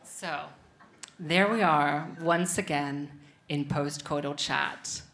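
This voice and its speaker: A young adult woman performing a stand-up comedy set in front of a live audience, with self-mocking deadpan asides to the crowd. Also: low voice, takes it slowly.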